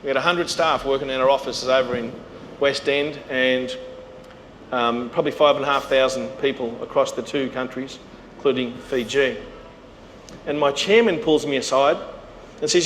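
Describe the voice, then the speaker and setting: A man's voice: medium pitch, moderate pace. A middle-aged Australian man giving a storytelling business talk, acting out the voices of people he quotes. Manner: animated, acts out quoted voices. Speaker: keynote speaker. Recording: reverberant hall with faint noise.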